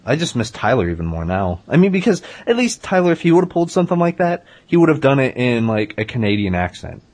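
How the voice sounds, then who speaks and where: A man hosting a casual comedy chat, rambling through deadpan tall tales with lots of hesitant fillers. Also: mid-range voice, fast talker. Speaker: podcast host.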